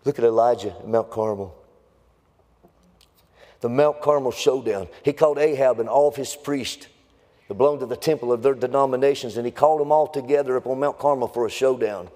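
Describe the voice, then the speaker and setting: A man preaching a sermon, building into a fervent, sing-song, near-shouting cadence. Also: mid-range voice, brisk. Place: church sanctuary. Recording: long reverb in a church hall.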